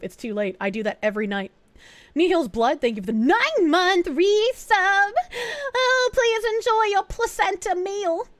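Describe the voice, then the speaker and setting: A woman streamer chats casually, reading out viewer messages and thanking donors. She swears often and gets excited. Her voice is on the high side, and the recording is dry.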